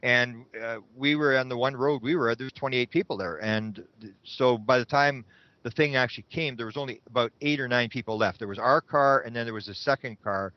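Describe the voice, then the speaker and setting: Guy telling a story, gets animated and repeats himself, dull dry sound. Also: mid-range voice, a little fast, dry recording. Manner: animated, repeats words when excited. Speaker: guest. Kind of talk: storytelling in an interview.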